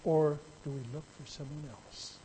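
A man's voice: a little high, flat delivery, normal speed, warm tone, a little hiss or hum, poor audio. A man preaching a sermon in a conversational way that builds into emphatic, raised passages. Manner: conversational, rising to emphatic bursts. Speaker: pastor.

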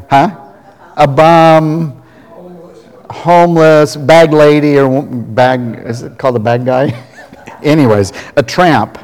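A male pastor giving a sermon, telling stories in a folksy way and closing in prayer. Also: medium pitch. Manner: folksy storytelling, ending in a soft prayer. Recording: long reverb of a large hall.

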